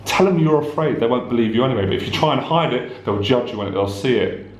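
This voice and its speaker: An intense male life coach preaches straight to the viewer in short, repetitive bursts, now and then swearing. His voice sits at a middle pitch. The echoey room gives it a roomy sound. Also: animated, fast, a little hiss or hum. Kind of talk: direct-to-camera motivational talk.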